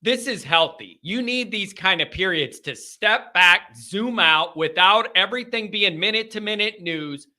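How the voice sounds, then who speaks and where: A man's voice: sits high, expressive, a little slow, hardly any pauses, bright, forceful tone. A man hosting a live fan call-in show, talking in a casual, rambling way with lots of "like" and "you know". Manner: rambling, conversational, filler-heavy.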